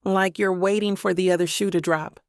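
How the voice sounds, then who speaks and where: A woman voicing a protective young female friend, speaking softly and affectionately in an audiobook. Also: mid-range voice, fairly even intonation, normal speed, clear, resonant tone, no room sound, studio quality, natural voice. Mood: tender. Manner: soft, affectionate.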